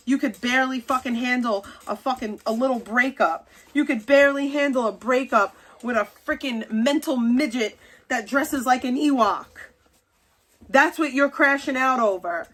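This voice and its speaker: A woman's voice: a little high, fairly bright tone. A young adult woman hosting a livestream, ranting angrily at someone in a profane, scolding way. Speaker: livestream host.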